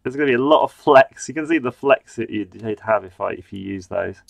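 A man's voice: mid-range voice, lively intonation, fairly quick, gravelly, dry recording. Chatty man narrating a kit build. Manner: chatty, self-mocking, mutters while working. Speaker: host building an electronics kit on a live stream. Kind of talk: live stream chat.

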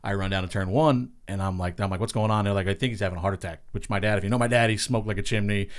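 A man's voice: fairly low pitch, rapid-fire. A middle-aged man from Long Island, a racing spotter, telling profane stories and acting out what people said. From Long Island, New York. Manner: profane, animated storyteller acting out quotes. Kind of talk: casual storytelling.

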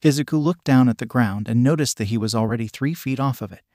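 A man narrating a fan fiction story in an even, literal read-through. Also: medium pitch, fast, no echo, clean studio sound.

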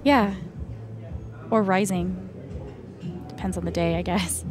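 A guarded newcomer; soft, understated read, music behind. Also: female voice, fairly low pitch, steady tone, slow pace. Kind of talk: video game dialogue. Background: game music.

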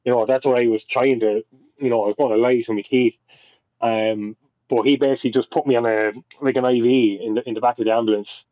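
Mellow-voiced Irish man, rambling storyteller. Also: mid-range voice, fairly even intonation, brisk, no room sound, highs cut off. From Ireland. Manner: rambling, frequent swearing and restarts. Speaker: podcast guest. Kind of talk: casual storytelling.

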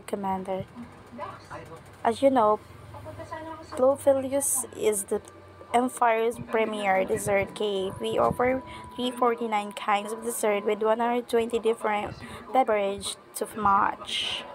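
A woman's voice: fairly high pitch, fairly even intonation, slow, rough recording. A woman reading a chatty dessert-shop server who rattles off a menu and halts on odd words. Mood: eager.

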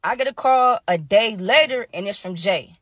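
A young woman telling a story in a casual, slangy, animated way, dramatizing each twist. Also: medium pitch, moderate pace, no room sound, studio quality. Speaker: storytime vlogger.

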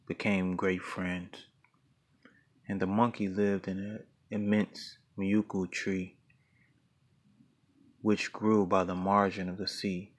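A man reading a folktale aloud as a storyteller, in a measured, steady narration. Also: deep voice.

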